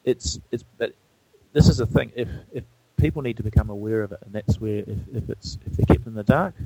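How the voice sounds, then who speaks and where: A man speaking as a guest in a casual conversation, halting, with many restarts and fillers. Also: lowish voice, dark tone, slight background noise, poor audio.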